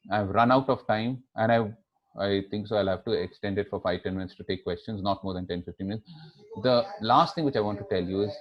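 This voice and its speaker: Male speaking coach, rapid delivery with punchy emphasis, lo-fi lecture audio. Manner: switches between English and Hindi, demonstrates emphasis with big pitch jumps. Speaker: public speaking trainer. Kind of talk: lecture to a live audience.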